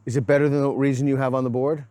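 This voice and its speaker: A man's voice: mid-range voice, little pitch movement, very fast, dark tone, dry recording. A man with a Boston accent hosting a casual street interview, playful and teasing. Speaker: host. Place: outdoors on a college campus.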